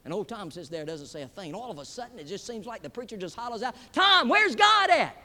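A man preaching a sermon to a live audience, swinging between loud emphatic peaks and hushed drops. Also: high-pitched, expressive, racing. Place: large hall with a live audience. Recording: long hall reverb.

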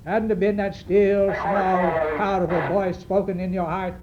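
A man preaching a sermon to his congregation, earnest and halting, with many fillers and restarts. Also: high voice, fairly even intonation. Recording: dull lo-fi recording with faint hiss.

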